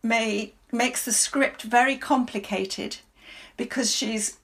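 A stage actress answering interview questions in a thoughtful, halting way, often restarting her sentences. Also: a little high, steady tone.

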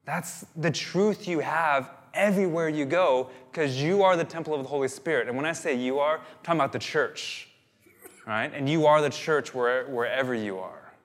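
A man preaching a sermon as pastor, energetic, with many restarts and fillers. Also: fairly high pitch, moderate pace, long reverb tail. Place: church hall.

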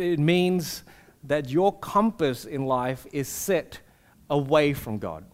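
High-voiced man preaching earnestly. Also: a little mellow. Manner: earnest, personal preaching with rhetorical questions. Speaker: pastor. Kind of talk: sermon.

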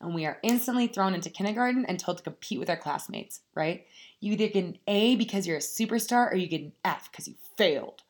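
A woman's voice: mid-range voice, expressive, quick pace. A young woman vlogging casually to her viewers, telling a story with candid swearing and frequent laughter before turning it into motivational advice. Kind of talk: casual motivational talk to camera.

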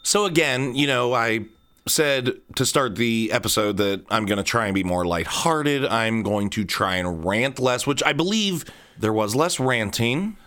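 A man in his thirties talks through a solo podcast episode. He is candid and rambling, circling back and repeating words as he goes. His voice sits at an ordinary middle pitch. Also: lively intonation, a little slow, fairly bright tone. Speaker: podcast host.

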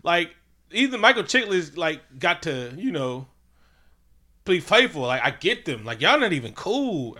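Bright-voiced guy doing casual movie talk, swears a lot, animated, does little voices. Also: on the high side, unhurried. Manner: animated, profane, slips into impressions. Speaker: podcast co-host. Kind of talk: casual movie review chat.

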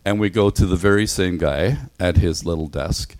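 A man giving a sermon in a relaxed, anecdotal storytelling manner that closes in prayer. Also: low voice, normal speed. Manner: conversational, anecdotal, acts out voices in stories. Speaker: preacher.

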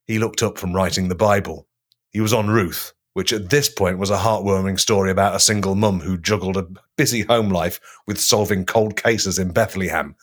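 A man hosting a comedy podcast, telling absurd stories with mock-grandiose deadpan delivery. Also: on the low side, brisk. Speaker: podcast co-host. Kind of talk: comic storytelling.

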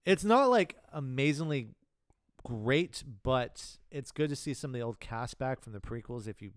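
A man co-hosting a podcast, talking casually about films, with relaxed swearing. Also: mid-range voice, moderate pace, clean tone, no room sound, clean studio sound. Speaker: podcast co-host. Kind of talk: casual chat.

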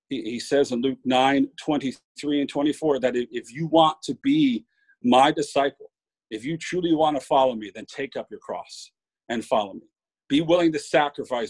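Earnest husky-voiced man preaching. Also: medium pitch, no room sound, poor audio. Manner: earnest, with frequent restarts and rising emphasis. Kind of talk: informal sermon.

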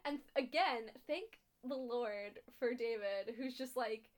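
A young woman with a fairly high voice, co-hosting a casual podcast. She recaps a TV episode in loose, chatty talk, full of ums and the odd bit of swearing. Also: takes it slowly, hardly any pauses. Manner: chatty, frequent ums and laughs, blunt swearing. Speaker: podcast co-host.

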